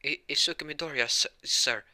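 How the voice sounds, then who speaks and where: A man voicing a shy teenage boy hero who stammers and hesitates in a higher voice. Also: a little fast, bright, forceful tone. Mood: nervous.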